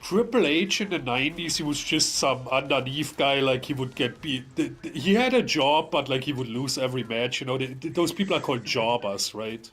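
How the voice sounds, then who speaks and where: A man's voice: medium pitch, lively intonation, fairly quick, hardly any pauses, a bit bright, a little hiss or hum. A man chatting casually on a podcast, rambling through a long story with plenty of fillers, stammers and swearing. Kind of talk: casual chat.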